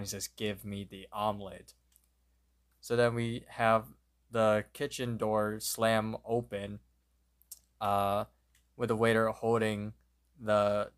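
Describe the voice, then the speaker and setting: A man co-hosting a podcast, retelling a cartoon episode scene by scene in a plain, steady way. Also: fairly low pitch. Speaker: podcast co-host. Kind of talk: episode recap narration.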